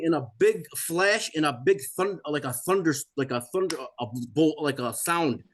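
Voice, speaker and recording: A man's voice: fairly high pitch, fairly quick, hardly any pauses. Intense man in his forties. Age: 40s. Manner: intense, repetitive, rising to pleading. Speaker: guest telling his testimony. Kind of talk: emotional personal testimony.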